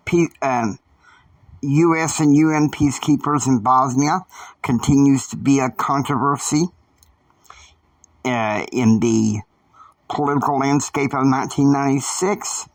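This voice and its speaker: A man narrating an improvised family saga in a halting, rambling way, full of fillers, recorded dry from a distant mic. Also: mid-range voice, dry recording. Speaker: storyteller.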